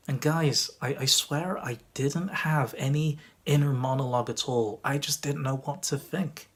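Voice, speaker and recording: Lively male magician telling a story. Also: mid-range voice, breathy edge. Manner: lively, conversational, with quick bursts. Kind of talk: storytime vlog narration.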